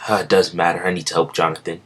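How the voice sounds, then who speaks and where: Brash protective young male fighter, as a man reads him, blunt lines, deep voice. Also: little pitch movement, quick pace. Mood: annoyed.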